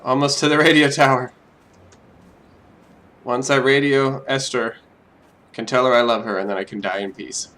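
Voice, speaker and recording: A man's voice: mid-range voice, steady tone, moderate pace, long pauses, a bit bright. A young man joking his way through a game as let's play commentary, talking to himself with mock drama. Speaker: gaming YouTuber.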